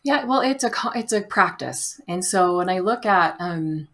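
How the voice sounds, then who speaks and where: Gentle, reflective woman guest, fairly low voice. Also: expressive, moderate pace. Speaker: podcast guest. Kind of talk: conversational interview.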